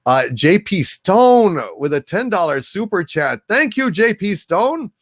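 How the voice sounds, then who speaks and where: A man hosting a casual livestream, thanking viewers by name in a soft, halting way. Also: high-pitched, sing-song, no echo, clean studio sound. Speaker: livestream host. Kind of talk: casual livestream chat, reading viewer donations.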